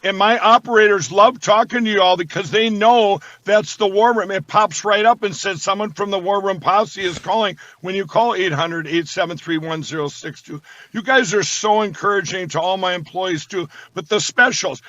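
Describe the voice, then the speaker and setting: A man talking as a guest, rambling and repeating words as he slips into a sales pitch. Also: a little fast, few pauses, a bit bright, dry recording. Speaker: guest, company founder. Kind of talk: casual talk with sales pitch. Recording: dull lo-fi sound.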